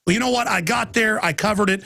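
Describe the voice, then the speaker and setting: Gravelly talk radio host with a cold. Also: male voice, high-pitched, fast talker, pushed and bright, no echo, studio quality. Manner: rambling, agitated, many restarts. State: chest cold with coughing.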